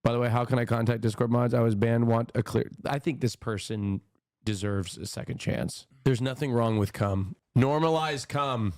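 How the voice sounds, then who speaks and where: A man's voice: medium pitch, normal speed, a little mellow, no room sound. Male co-host, dry close sound, chatty, laughs a lot. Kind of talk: casual livestream banter.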